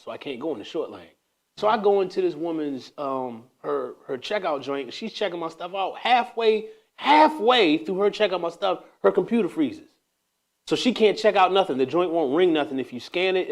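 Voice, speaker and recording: A man hosting a casual faith talk, telling a story with animated energy that slides into preaching. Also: fairly high pitch, brisk. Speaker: host.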